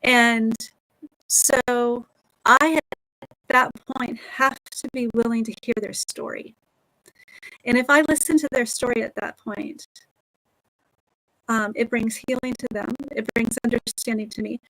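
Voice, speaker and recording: A woman's voice: a little high, steady tone, measured pace, long pauses, fairly bright tone. A middle-aged woman, a teacher and author, talking earnestly and reflectively as an interview guest.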